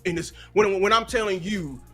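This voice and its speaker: A man's voice: high-pitched, sharp tone, faint music behind. Heated, profane man ranting. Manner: heated, profane, fast-flowing tirade. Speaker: content creator. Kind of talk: live watch-party rant.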